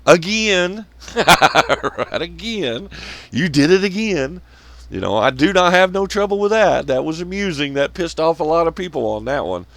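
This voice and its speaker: A man's voice: a little high, lively intonation, unhurried, gravelly, fairly bright tone, no echo. A man hosting his own channel, delivering a profane, sarcastic ranting monologue and mocking others in scornful quotes. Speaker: channel host.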